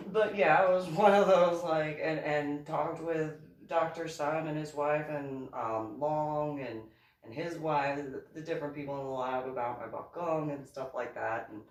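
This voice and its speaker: Middle-aged lady telling a rambly story, slow, dry sarcastic chuckles, kinda far from the mic. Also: low-pitched, steady tone. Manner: chuckles often, wry and sarcastic, restarts sentences. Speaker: author and reverend. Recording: roomy, voice from a distance.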